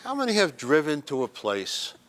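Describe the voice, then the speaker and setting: Speaking at normal speed, a man with a high-leaning, a bit bright voice swings hugely in pitch during a humorous motivational workshop. He addresses a senior center group, joking and acting out scenes and quotes.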